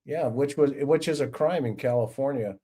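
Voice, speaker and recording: A man's voice: mid-range voice, moderate pace, breathy edge. Middle-aged man telling police stories. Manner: animated anecdotes with acted-out voices. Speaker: podcast host, retired police officer. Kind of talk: casual livestream storytelling.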